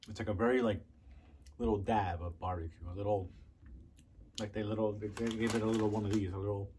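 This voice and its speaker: A man casually reviewing snacks on camera, chatting between bites and savoring each taste with drawn-out mm and oh yeah sounds. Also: lowish voice, steady tone, darkish tone, a little hiss or hum. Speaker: food reviewer.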